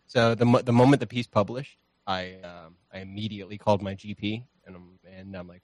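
A man's voice: lowish voice, fairly even intonation, fairly quick, hardly any pauses, a little mellow, dry recording. A man talking as a podcast guest in a loose, rambling, profane and self-deprecating way, recorded on a home streaming mic. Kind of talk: casual chat.

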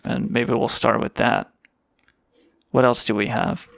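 A man's voice: mid-range voice, measured pace, vocal fry, fairly bright tone, no room sound, studio quality. A man co-hosting a comedic podcast, with profane, sarcastic banter and mock sponsor patter. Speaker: podcast co-host.

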